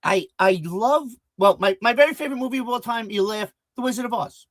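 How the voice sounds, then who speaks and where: A man's voice: very high-pitched, a little fast, fairly bright tone, no room sound. A man hosting a talk show interview, chatty and storytelling, often restarting his sentences.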